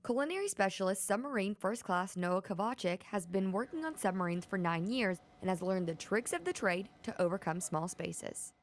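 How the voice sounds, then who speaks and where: A woman reporter narrating a televised news feature. Her delivery is measured and clear, at an ordinary middle pitch, read from a script. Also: expressive.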